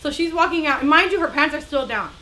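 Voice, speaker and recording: A young woman telling a story in a casual vlog, chatty and animated, acting out the other people's voices. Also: high voice, fast talker, slight background noise. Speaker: vlogger.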